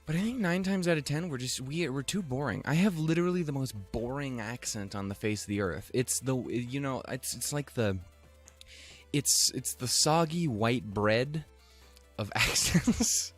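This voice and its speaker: A man's voice: mid-range voice, fairly quick, few pauses, a little mellow, faint music behind. A man from Montana hosting a casual reaction video, giggly, swearing freely and poking fun at himself. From Montana, USA. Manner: giggly, profane, self-mocking.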